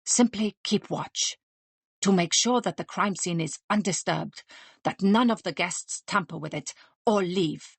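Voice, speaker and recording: A courtly, willowy restaurant manager, voiced by a woman for an audiobook, speaking in measured, decorous phrases. The voice sits low and slightly husky. It is recorded close and dry. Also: no room sound, exaggerated voice. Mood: grave. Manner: formal, decorous, measured speech.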